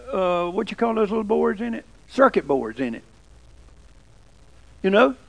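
A man's voice: high voice, vocal fry. An older man preaching a folksy sermon, chatting with the congregation and asking them questions. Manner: conversational, asks the congregation questions.

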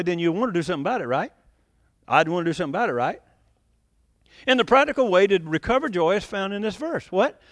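A pastor with a high, light voice preaches a folksy, conversational sermon. He keeps asking the congregation questions and chuckles as he goes, and his voice sits close and dry with no room sound around it. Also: no room sound. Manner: conversational, laughs often, asks the congregation questions.

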